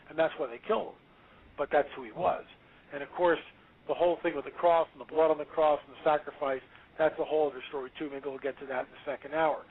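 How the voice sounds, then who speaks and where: A male author talking as an interview guest, emphatic and preachy, quick to exclaim. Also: a little high, fairly even intonation. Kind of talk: animated interview talk. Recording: tinny phone-line audio.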